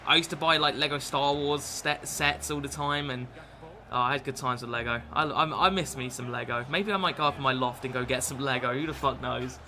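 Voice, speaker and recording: Bright-voiced young British man streaming. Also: mid-range voice, fairly even intonation, brisk. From Britain. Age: 20s. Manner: rambling, swears a lot, laid-back chatter. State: up late at night. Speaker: gaming streamer. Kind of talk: casual live-stream chat with game commentary.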